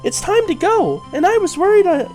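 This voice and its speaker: A man voicing a cheerful young village girl from a video game in a bright, lilting tone. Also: extremely high pitch, big pitch swings, a little fast, faint music behind, pitched above the performer's own voice. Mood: teasing.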